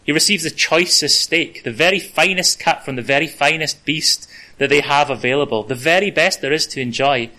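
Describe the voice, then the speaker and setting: A man's voice: a little high, moderate pace, pushed and bright, low-quality recording. A man preaching a conversational sermon, with casual asides and the odd filler.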